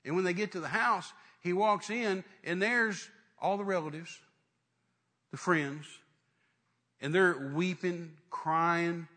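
A man preaching a sermon, retelling a story dramatically with acted-out voices and sudden loud rises. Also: high voice, takes it slowly.

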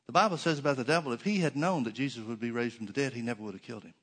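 A man's voice: medium pitch, very fast, fairly bright tone, slightly rough. Emphatic male pastor preaching a sermon. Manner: emphatic preaching with rhetorical questions and sarcastic asides.

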